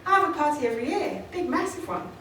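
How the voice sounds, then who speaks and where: High-voiced woman speaking on a hall stage. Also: very animated, quick pace, bright, forceful tone. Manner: emphatic, repetitive, laughs often. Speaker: motivational speaker. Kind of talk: motivational stage talk. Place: large conference hall, on stage. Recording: echoey hall from far off, noisy.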